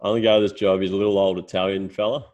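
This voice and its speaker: Australian man, podcast co-host, casual chat, salty storyteller, fairly low voice. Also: level tone, rapid-fire, a little mellow, muffled recording. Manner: swearing storyteller.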